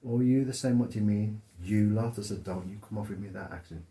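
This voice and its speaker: A middle-aged man chatting as co-host, telling stories in an animated way. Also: on the low side, fairly quick, echoey room. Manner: storytelling, animated. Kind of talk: casual chat.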